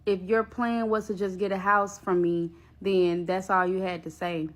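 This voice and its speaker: A woman putting on a clingy, insistent ex-girlfriend who pleads and accuses in turn. The voice sits a touch lower than the storyteller's own middle pitch, inside a casual story told to camera. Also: little pitch movement, moderate pace, lightly acted. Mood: pleading.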